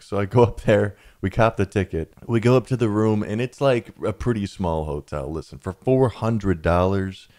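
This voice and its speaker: A man's voice: on the low side, normal speed, few pauses, warm tone. A young man tells a travel story in a casual, rambling way, often saying "man" and "dude". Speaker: vlogger telling a travel story.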